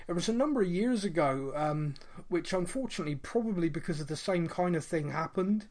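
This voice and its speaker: Here a podcast co-host in his late thirties shares a personal story in casual chat, earnest and reflective, often restarting and using fillers. His high-sitting voice is animated and brisk, with a darkish tone.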